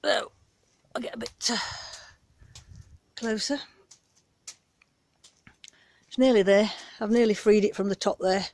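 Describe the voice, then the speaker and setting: Speaking at a measured pace with frequent pauses, a British woman keeps her mid-range, slightly mellow voice fairly even in intonation. She's a gardening vlogger filming herself on a handheld phone in her back garden, chatting in a rambling, down-to-earth manner.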